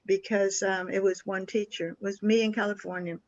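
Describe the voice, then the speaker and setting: An older woman, a guest on an interview show, telling a story in a lively, animated way and acting out the people in it. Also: medium pitch, brisk, no echo, muffled recording. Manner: animated storyteller who acts out quoted dialogue.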